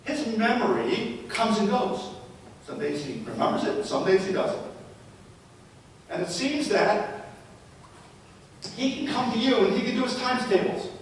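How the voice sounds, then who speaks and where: A man's voice: lively intonation, unhurried, pauses often. A man giving a live talk to parents and educators, telling stories and asking rhetorical questions. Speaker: presenter. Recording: echoey hall, distant mic, faint rumble.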